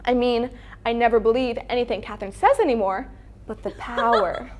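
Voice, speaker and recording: A woman's voice: on the high side, fairly even intonation, fairly quick, slight background noise. A teenage girl performing a stand-up routine, acting out family members in different voices. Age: teens. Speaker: student comedian.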